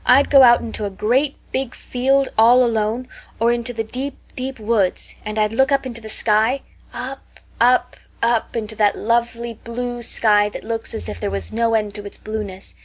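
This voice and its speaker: A woman reading an audiobook and voicing a talkative, dreamy eleven-year-old orphan girl in a raised, eager voice. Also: on the high side.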